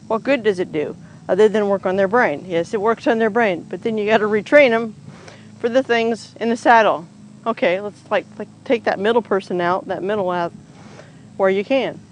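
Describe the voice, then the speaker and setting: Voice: medium pitch, normal speed, slight background noise, low-quality recording. A horse trainer working a horse outdoors, explaining each step aloud in a casual, chatty way to a camera set up nearby. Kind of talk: casual explanatory groundwork demo. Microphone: camera set up nearby on the ground.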